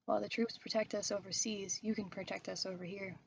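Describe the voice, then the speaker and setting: A woman voicing a calm, matter-of-fact middle-aged male monster-hunting instructor with a slight Canadian accent, read in a horror story. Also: mid-range voice, a little fast, gravelly, muffled recording, a little hiss or hum, close to an everyday voice.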